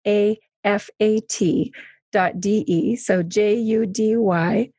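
A woman's voice: mid-range voice, fairly even intonation, slow, dark tone, breathy edge, no echo. A woman hosting an interview, affirming and full of praise for her guest. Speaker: interview host.

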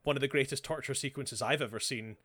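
A man's voice: medium pitch, a bit bright. A man, recapping a show as a podcast co-host in casual chat and acting out the characters' lines with sarcasm. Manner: sarcastic, acts out characters' lines in quick voices.

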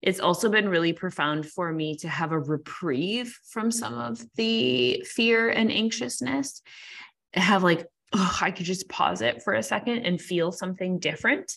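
A woman's voice: fairly low pitch, unhurried, vocal fry, fairly bright tone. A woman hosting her own podcast, talking candidly and searchingly through her own questions in a reflective solo monologue. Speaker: podcast host.

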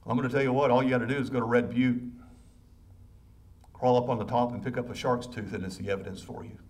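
A pastor delivering a sermon, addressing the congregation directly with urgent rhetorical questions and building to loud, fervent passages. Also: male voice, mid-range voice, fairly even intonation, fast. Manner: impassioned preaching that swells loud and urgent.

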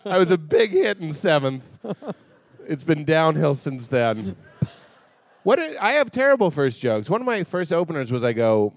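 A man's voice: on the high side, normal speed, no room sound. A man guesting on a live comedy podcast, telling jokey stories in casual chat. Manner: animated, jokey storytelling. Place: live stage show.

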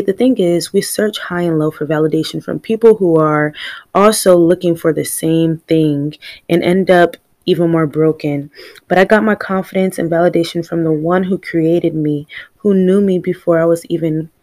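A woman's voice: on the low side, steady tone, measured pace, mellow, no echo. Chatty young woman, dry sound. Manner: chatty, talks straight to listeners as "y'all". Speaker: podcast host. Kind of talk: casual faith testimony monologue.

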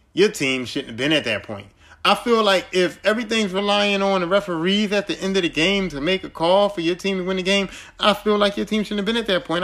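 A man's voice: high-pitched, sharp tone. A man hosting a solo podcast, ranting in a casual way, firing off rhetorical questions and swearing freely. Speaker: podcast host. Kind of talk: solo opinion podcast monologue.

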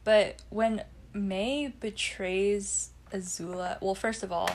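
A woman's voice: medium pitch, fairly even intonation, takes it slowly, a little hiss or hum. A young woman co-hosting a podcast in casual chat. She talks about a show, laughs often and acts out the characters' lines. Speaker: podcast co-host.

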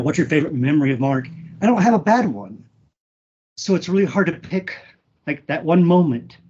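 A man talking as a podcast guest about an old friend, halting with restarts, emotional and swearing freely. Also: on the high side, darkish tone, breathy edge, lo-fi sound. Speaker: guest, former wrestler. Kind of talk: casual podcast interview.

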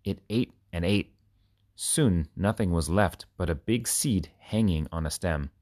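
A man reading short children's stories and simple facts aloud with clear, expressive delivery. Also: low-pitched, measured pace, no room sound, studio quality. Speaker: reader.

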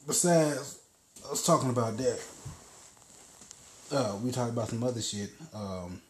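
A man's voice: mid-range voice, a little slow, slight background noise. A man hosting a podcast, telling a story in a loose, casual monologue and swearing freely. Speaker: podcast host. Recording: roomy echo.

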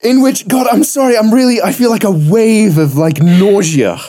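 A man co-hosting a podcast in casual chat, animated and rambling, swearing freely. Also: sits high, moderate pace, faint music behind. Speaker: podcast co-host.

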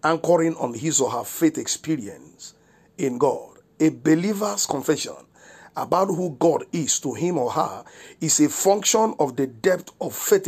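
A male pastor giving a devotional broadcast sermon, making slow, deliberate declarations and asking repeated rhetorical questions. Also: a little high, darkish tone, husky. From Nigeria.

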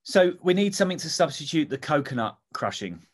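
A man's voice: fairly high pitch, very animated, brisk, slightly rough. A man on a podcast, telling a made-up movie plot in a loose, rambling way full of ums and asides. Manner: rambling storytelling with fillers and swearing. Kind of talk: casual comedic chat.

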